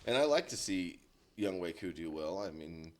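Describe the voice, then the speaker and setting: A man with a lower voice co-hosts a casual sports podcast. His pitch moves a lot as he cracks dry asides and works through the scoring math. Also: very animated, normal speed. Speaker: podcast co-host.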